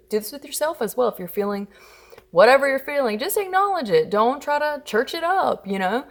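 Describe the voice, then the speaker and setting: A woman in her thirties, a mother talking casually about parenting and telling expressive stories about her kids. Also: mid-range voice. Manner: chatty and expressive, acting out her children's whiny voices. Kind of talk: casual storytelling advice.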